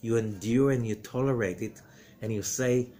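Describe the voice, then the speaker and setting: A middle-aged man, a rabbi giving a spoken lesson, animated, with rhetorical questions and sudden swings between loud emphatic bursts and low quiet passages. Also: normal speed. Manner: rhetorical questions and acted-out quotes. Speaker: rabbi and Zohar teacher.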